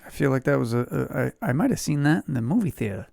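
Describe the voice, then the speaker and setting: A man in his young adult years co-hosting a podcast, his gravelly, slightly hoarse voice sitting in a middle register. He chats in a laid-back way, swears casually and laughs often. The sound is close and dry, with no room around it. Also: medium pitch, expressive, quick pace, darkish tone, no echo. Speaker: podcast co-host. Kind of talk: casual chat.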